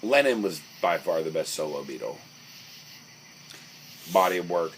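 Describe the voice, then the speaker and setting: A man's voice: low voice, animated, measured pace, low-quality recording. A young man chatting casually on a podcast, rambling through stories with lots of fillers and restarts. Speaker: podcast co-host. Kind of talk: casual chat. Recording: faint background noise.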